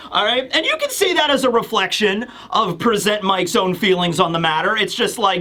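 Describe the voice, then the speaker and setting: Male reviewer, high and bright, rambling casual recap. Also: animated, normal speed, few pauses. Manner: rambling, fillers, slips into character voices. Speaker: manga reviewer. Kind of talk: casual commentary.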